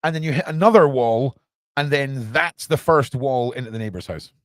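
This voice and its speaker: An animated British man hosts a casual news podcast from a small room under his stairs. He rambles and keeps asking listeners if they agree, in a mid-pitched voice. The sound is close and dry. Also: moderate pace, no echo. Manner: animated and rambling, full of rhetorical questions. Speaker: podcast host.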